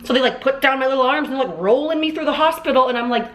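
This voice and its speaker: A woman's voice: high-pitched, fast talker, hardly any pauses, a bit bright. A woman in her twenties telling a personal story to camera as a vlogger, rambling with lots of fillers and restarts. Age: 20s. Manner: rambling, filler-heavy, self-dramatizing. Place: Los Angeles.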